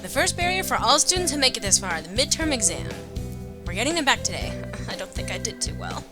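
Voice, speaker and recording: A woman reading a dating-sim game aloud as a let's player, adding wry, deadpan asides. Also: a little high, fast talker. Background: game music.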